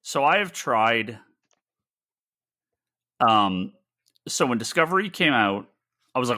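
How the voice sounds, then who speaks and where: A man's voice: on the low side, lively intonation, normal speed, pauses often, sharp tone, dry recording, studio quality. A man co-hosting a comics podcast, ranting in casual chat, swearing and acting out his own past reactions. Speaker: podcast co-host.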